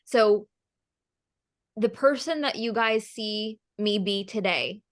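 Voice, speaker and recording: A woman coaching on a video call, energetic and emphatic, repeating phrases to drive her point home. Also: medium pitch, slow. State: emotional, near tears. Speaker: business coach.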